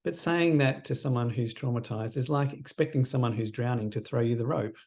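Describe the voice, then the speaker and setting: A man in his fifties from Australia, working as a counsellor, is interviewed as a podcast guest and recounts something personal. He talks a little fast in a warm, mellow, gravelly voice of ordinary male middle pitch, earnest and reflective, with phrases dropping away quietly at the end.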